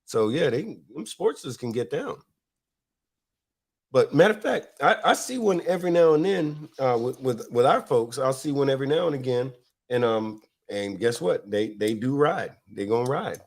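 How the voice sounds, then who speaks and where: A man's voice: medium pitch, lively intonation, normal speed. Male podcast host from Florida, loose rambling storyteller, laughs often, mid-range voice. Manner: rambling, laughing, many fillers. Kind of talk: casual storytelling chat.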